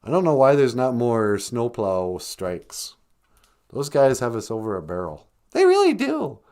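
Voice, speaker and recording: Lively, joking man hosting a podcast. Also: mid-range voice, measured pace. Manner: joking, rambling, teaches native words offhand. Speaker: podcast host. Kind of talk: casual live-stream chat.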